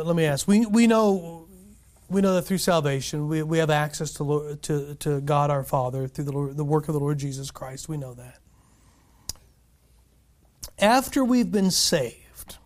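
Male pastor, earnest and animated, slightly raised natural pitch, teaches by asking the congregation questions. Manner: earnest and animated, frequent restarts, asks the room questions.

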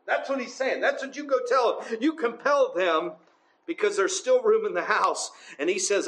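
A man's voice: sits high, expressive, moderate pace, a bit bright, echoey room, low-quality recording. A man preaching a sermon in a conversational way, often checking in with his listeners. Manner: conversational, often asks the congregation "right?".

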